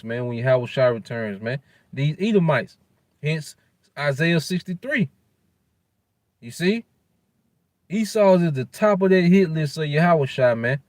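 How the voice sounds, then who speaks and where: A man's voice: fairly high pitch, a little mellow, no echo. A man giving an informal scripture lesson. He uses loose street slang, tags "man" onto nearly every phrase, and stumbles while looking up verses. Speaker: religious teacher.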